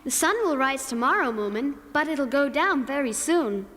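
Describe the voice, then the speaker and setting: A woman voicing a calm, wise female winter creature in a cartoon, speaking in a matter-of-fact, knowing way. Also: sits high, moderate pace. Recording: reverberant dub with music score.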